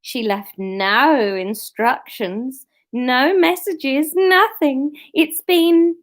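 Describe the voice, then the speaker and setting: A petrified little assistant, fretful and fluting high up the scale, drawing every word out slowly in a campy comic accent, as a woman reading a story puts her on. She sounds worn thin and on the edge of tears. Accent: campy put-on English comic voice. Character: browbeaten petrified female assistant.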